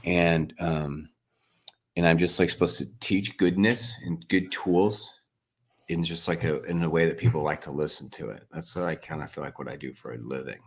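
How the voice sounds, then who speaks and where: A man's voice: very deep voice, moderate pace. A man in his forties, a family coach, telling rambling stories in a casual interview and leaning on "like" a lot. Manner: rambling, animated, heavy use of "like" and "freaking". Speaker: family coach, podcast guest.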